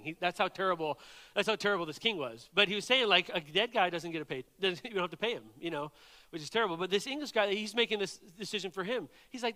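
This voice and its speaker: A man preaching a sermon, telling a story in an animated way and often checking in with "right?" and "okay?". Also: a little high, brisk, in a large hall.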